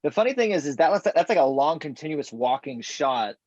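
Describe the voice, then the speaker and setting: A man chatting casually as a podcast guest about a film, animated and eager to quote favorite lines. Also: on the high side, a little fast, dry recording, muffled recording. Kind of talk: casual movie discussion.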